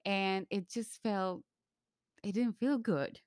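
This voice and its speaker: A woman from Colombia telling a candid personal story in conversation, lively when she quotes others. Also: mid-range voice, takes it slowly, smooth, dry recording, studio quality.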